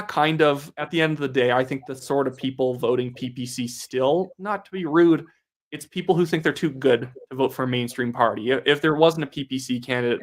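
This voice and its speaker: A young man from Canada hosting a casual live stream, chatting and reading out viewer comments. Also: mid-range voice. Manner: reads viewer comments aloud, chatty and upbeat. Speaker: livestream host.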